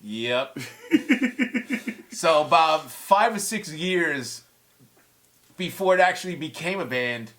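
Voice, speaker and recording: A man's voice: fairly high pitch, expressive, takes it slowly, long pauses, fairly bright tone. A man in his forties, a guest musician in a casual chat, telling stories with heated, profane language. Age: 40s.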